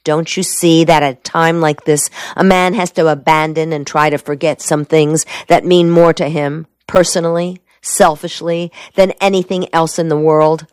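A woman's voice: low voice, level tone, moderate pace, hardly any pauses, darkish tone, clean tone, no room sound, natural voice. A woman voicing a determined young male soldier who speaks in short, clipped words. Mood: earnest. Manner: terse, clipped speech. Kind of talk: audiobook dialogue reading.

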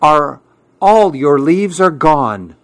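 A man's voice: on the high side, animated, slow pace, a bit bright, pitched above the performer's own voice, exaggerated voice. A man voicing an anxious, caring little male woodland animal in a storybook, pleading earnestly. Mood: tender.

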